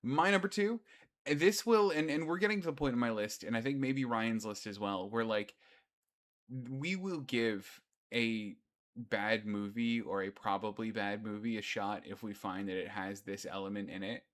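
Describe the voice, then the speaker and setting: A middle-aged man co-hosting a podcast in casual chat, animated and joking at his own expense. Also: fairly low pitch, moderate pace. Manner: animated, jokey, mocking himself. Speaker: podcast co-host.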